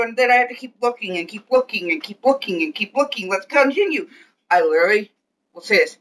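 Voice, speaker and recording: A woman co-hosting a casual chat, playful and excitable, teasing her husband. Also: medium pitch, fast, distant mic. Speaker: co-host.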